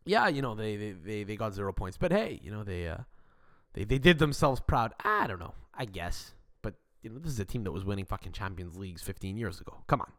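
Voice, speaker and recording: A man's voice: lowish voice, very animated, a little fast, fairly bright tone. A man hosting a casual solo podcast, rambling and swearing with many stuttering restarts, into a desk mic. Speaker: podcast host. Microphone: desk mic without arm.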